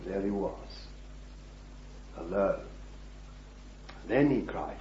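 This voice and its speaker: A man preaching a sermon, reading scripture and addressing his listeners as beloved, swinging from hushed words to loud ones. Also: mid-range voice, animated, measured pace, a little hiss or hum. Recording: dull, echoey old recording.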